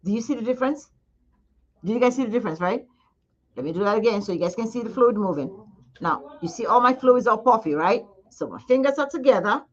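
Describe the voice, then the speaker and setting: A woman with a fairly high, expressive voice moves briskly through a casual live face massage demo at a skincare studio. She talks straight to viewers in a chatty, coaxing way, and the recording is slightly dull lo-fi.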